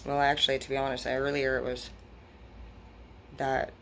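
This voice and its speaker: A woman's voice: a bass voice, completely flat delivery, moderate pace, fairly bright tone, slight background noise. Rambling, profane woman tarot reader. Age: adult with children. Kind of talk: casual tarot reading to viewers.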